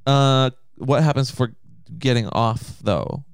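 A man's voice: medium pitch, slow, vocal fry, clear, resonant tone, no echo, studio quality. A man co-hosting a podcast in casual chat, playful and teasing. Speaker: podcast co-host.

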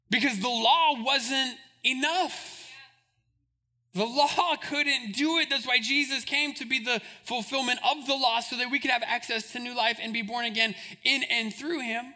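A man's voice: very high voice, fairly even intonation, measured pace, sharp tone. A man preaching a sermon as pastor, emphatic and repetitive, building his points phrase by phrase.

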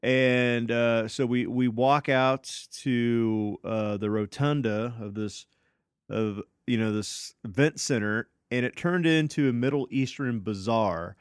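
A podcast co-host with a mid-range, clean-toned voice tells a long story slowly and casually, swearing freely and padding gaps with "uh" and "like." His delivery is loose and profane, full of fillers and restarts. The recording is dry, with clean studio sound.

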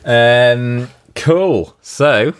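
A man hosting a podcast in casual chat, talking quickly, laughing and swearing easily. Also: medium pitch, clear, resonant tone. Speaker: podcast host.

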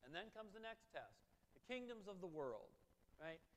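A man's voice: high voice, very animated, moderate pace. A man giving a sermon in a conversational, joking way, with asides to his listeners. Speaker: preacher. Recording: long reverb of a large hall.

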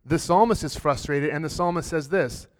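A man's voice: on the high side, moderate pace. Earnest man preaching a sermon. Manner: earnest, repeats words and restarts often. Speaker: pastor. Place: church.

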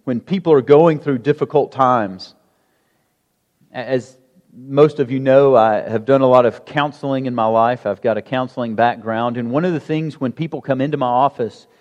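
A pastor preaching a sermon in a conversational way, asking the congregation rhetorical questions. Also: male voice, mid-range voice, normal speed, darkish tone, dull audio. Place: church sanctuary. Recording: long church hall reverb.

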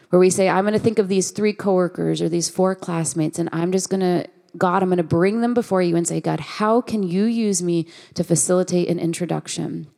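A woman's voice: fairly low pitch, gravelly. A woman, preaching a conversational sermon full of personal stories and quoted dialogue. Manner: conversational, lively, acts out quoted voices. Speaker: guest preacher.

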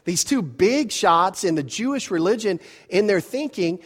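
A man preaching a verse-by-verse sermon in a relaxed, conversational way, his voice sitting a bit higher than most men's. He leans on rhetorical questions and often backs up to rephrase. He gets more animated when he drifts into personal stories. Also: moderate pace. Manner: grows animated when telling a personal story. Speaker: pastor.

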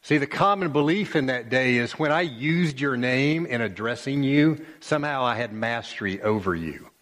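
A man's voice: mid-range voice, animated, moderate pace, fairly bright tone, in a large hall. A male pastor preaching a sermon with emphatic, dramatic storytelling.

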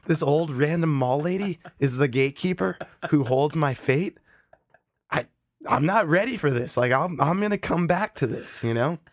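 A man's voice: fairly high pitch, normal speed, no echo. A man casually telling a wild story, swearing freely and acting out the people in it. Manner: profane, animated, acts out the people in his stories.

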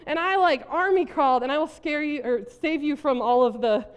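Her voice sitting high and moving a little fast, a South Dakota pastor delivers a sermon in a church hall. She tells a lively story punctuated by frequent laughter, and the hall's long reverb fills the recording.

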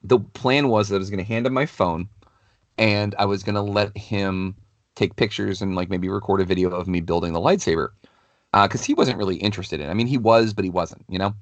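Casual podcast co-host, man, middle-aged, deep and dry-sounding, talks loose with lots of fillers. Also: fairly quick, no room sound, lo-fi sound. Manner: animated, rambling, many "like" fillers. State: has a cold, clears throat. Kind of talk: casual storytelling chat.

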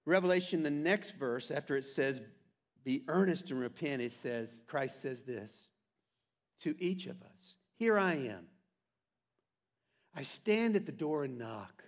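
A pastor preaching a sermon to his church with earnest, animated delivery and playful asides. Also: a little high, a little slow. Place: church sanctuary.

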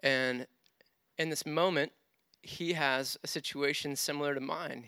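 A man preaching a sermon, telling a personal story with animated, self-deprecating humor. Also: medium pitch, creaky, smooth, dry recording, studio quality. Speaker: pastor.

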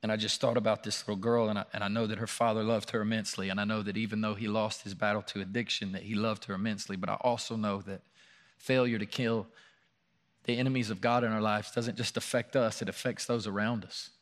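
Preaching earnestly in a church room, a pastor talks fast with a lowish, flat-sounding voice. Scripture readings push his voice up and louder, while personal stories bring it down to a quiet level.

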